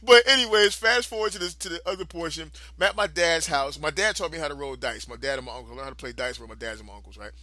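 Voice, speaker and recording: Male co-host, bright forceful voice, dry close sound, profane and laughing, rambling anecdotes. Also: on the high side, fast, few pauses, no echo. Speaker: podcast co-host. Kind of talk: casual storytelling chat.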